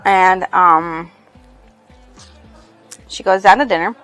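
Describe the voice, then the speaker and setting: A woman's voice: lowish voice, takes it slowly, a bit bright, faint music behind. Casual rambling woman recapping a book. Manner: rambling, full of fillers and "she's like". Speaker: book reviewer. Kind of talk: casual spoken plot summary.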